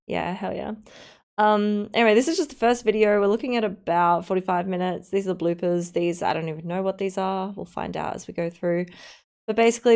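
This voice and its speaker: A woman's voice: mid-range voice, steady tone, brisk, creaky, a little mellow, smooth. An Australian woman chatting casually on a live stream, rambling and giggling as she talks.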